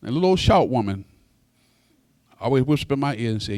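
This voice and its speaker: A pastor in his sixties preaching a folksy sermon straight to his congregation. His voice swoops up high when he presses a point, and he stammers over repeated words as he builds. The sound is dry and close, with a mid-pitched tone. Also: expressive, fast, pauses often, darkish tone, no echo. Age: 60s.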